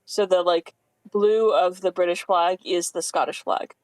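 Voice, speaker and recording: A man co-hosting a live stream, giving scores and background in a steady, informative way with some fillers. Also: high voice, unhurried, no echo, rough recording. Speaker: commentator. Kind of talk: casual live-stream commentary.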